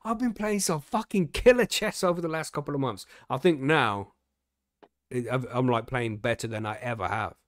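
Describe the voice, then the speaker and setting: At a moderate pace and mid-range pitch, a man hosting a podcast trades relaxed, profanity-laced banter full of fillers in a casual chat. Dry studio-quality recording.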